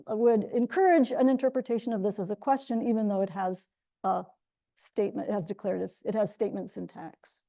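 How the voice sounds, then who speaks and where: A woman's voice: fairly high pitch, vocal fry, warm tone. A middle-aged woman presenting research at an academic colloquium, explaining step by step with frequent self-corrections and restarts. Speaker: linguistics researcher giving a colloquium talk. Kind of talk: academic lecture. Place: lecture room.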